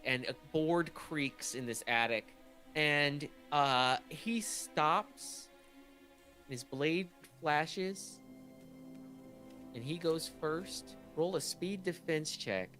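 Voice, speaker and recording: A man runs a tabletop game, narrating scenes in a slightly high voice full of ums and restarts. Soft music plays faintly behind him. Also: lively intonation. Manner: halting, lots of uhs and restarts. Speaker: game master.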